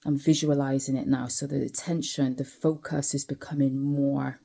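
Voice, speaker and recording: A woman speaks in a low, dark, gravelly voice. She is tired and talks candidly, with lots of asides to the listener and repeated phrases. She is sitting outside while she vlogs. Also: little pitch movement, moderate pace. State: tired, yawning. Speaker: vlogger. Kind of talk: reflective personal vlog.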